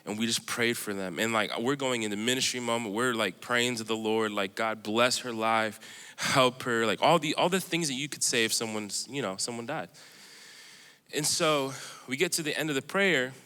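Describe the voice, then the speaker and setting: A man casually recounts a story to a panel audience, stringing it together with fillers and laughing along the way. His voice is bright and carries a long hall reverb. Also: medium pitch, brisk, clear, resonant tone. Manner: rambling, filler-heavy, laughs while telling. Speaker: panelist sharing a missions story.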